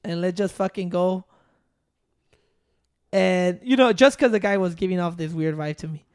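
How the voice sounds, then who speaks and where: A man, co-hosting a casual chat and telling a story in a profane, excitable way. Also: sits high, moderate pace, clear, resonant tone, no room sound, studio quality.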